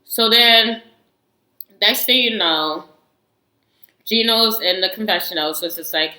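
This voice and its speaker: Bright, slangy woman vlogger. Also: medium pitch, a little slow, long pauses, echoey room, low-quality recording. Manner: slangy, animated storytelling with frequent laughs; candid and outspoken, often swears. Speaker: reality TV reviewer. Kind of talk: casual chat.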